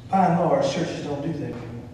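Fervent preacher in an echoing church. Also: male voice, fairly high pitch, brisk, slight background noise. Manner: fervent, builds to shouting, repeats phrases. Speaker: pastor. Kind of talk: sermon. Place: church sanctuary. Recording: echoey church hall from far off.

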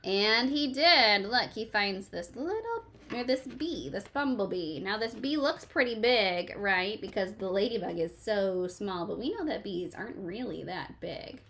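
A woman's voice: mid-range voice, lively intonation, measured pace, hardly any pauses, fairly bright tone. A young woman teacher reading a picture book aloud to her class and chatting with the children, encouraging and full of ums and likes.

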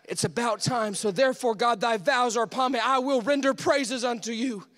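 A man preaching a Pentecostal sermon in a church, swinging from hushed pleading to full shouts. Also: very high-pitched, moderate pace. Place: church sanctuary.

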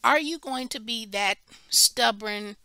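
A woman preacher leads a Bible study, telling a story animatedly, voicing the people in it and restarting lines for emphasis. Her voice is a little high and smooth, she takes it slowly, and there's no room sound.

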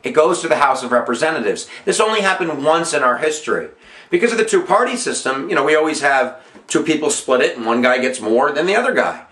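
A man's voice: fairly high pitch, lively intonation, fast talker, a bit bright. A male history teacher giving a casual, jokey exam-review lesson with emphatic points and self-mocking asides. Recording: echoey room.

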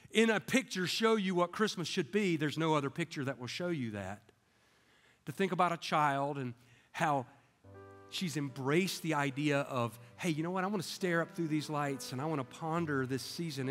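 A man in his fifties, a grandfather, preaching a sermon in a conversational, storytelling way with quick asides to the congregation. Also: a little high. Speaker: pastor. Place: church sanctuary. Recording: live church sound with long reverb and soft music.

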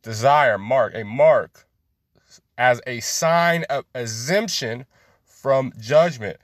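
A man's voice: mid-range voice, takes it slowly, no room sound, clean studio sound. A man teaching a scripture lesson in a street style, preachy, emphatic and full of profanity.

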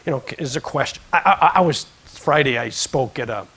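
A man preaching a sermon in a church, swinging between quiet conversational asides and impassioned, emphatic peaks. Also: mid-range voice, normal speed, slightly rough, poor audio. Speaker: pastor. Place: church sanctuary.

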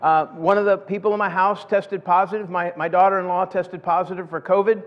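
A man's voice: high voice, level tone, a little fast. A middle-aged man preaching a sermon in a folksy way, often repeating words as he builds up to a point. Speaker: pastor. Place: church sanctuary. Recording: dull sound with long church hall reverb.

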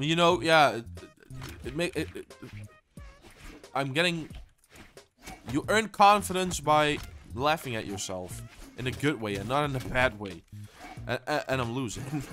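A young man giving gameplay commentary as a channel host, excitable and swearing constantly as he yells at opponents. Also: mid-range voice, normal speed, faint music behind.

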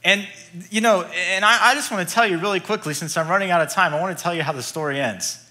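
A male pastor preaching in a church, retelling a story in a lively way with chuckling asides. His voice is high and bright. He moves easily between storytelling and prayer. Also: quick pace. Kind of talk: sermon. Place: church auditorium.

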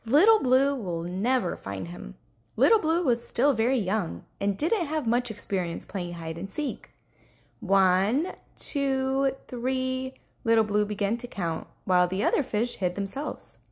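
A woman reading a children's storybook aloud in an expressive, storybook way. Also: medium pitch, normal speed, creaky, slightly rough. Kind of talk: children's read-aloud narration.

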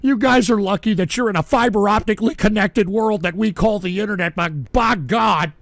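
A man hosting a livestream radio show, ranting angrily and swearing, often shouting at his chat. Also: high voice, fairly quick, vocal fry, no room sound.

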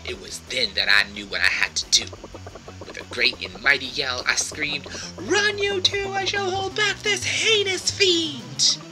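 A man's voice: high voice, unhurried, low-quality recording. A man voicing a pompous, long-winded male adventurer who tells grandiose tales, with game music underneath. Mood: bombastic. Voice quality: grandiose, theatrical storytelling.

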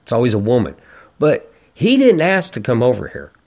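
A man's voice: mid-range voice, huge pitch swings, normal speed, darkish tone. A man in his forties hosting a podcast, ranting and telling stories in a casual, profane monologue. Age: 40s. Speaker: podcast host.

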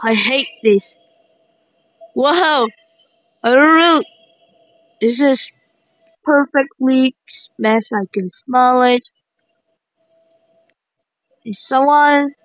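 A woman giving excited gameplay commentary, shrieking exclamations and repeating herself. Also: sits high, very slow, long pauses, no echo. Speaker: gaming commentator. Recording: dry, dull lo-fi mic.

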